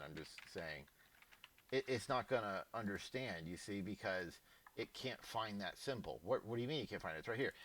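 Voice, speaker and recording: A man with a fairly low but bright, forward voice walks through code in a relaxed screen-recorded lesson. He talks informally, thinking aloud and restarting sentences. Faint keyboard typing and clicks sit under his voice. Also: slight background noise. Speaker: programming teacher.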